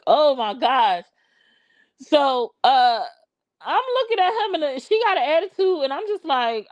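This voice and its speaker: A woman's voice: medium pitch, expressive, moderate pace, no room sound. A woman in her forties tells a personal story casually on a live stream, full of slang and greeting viewers mid-story.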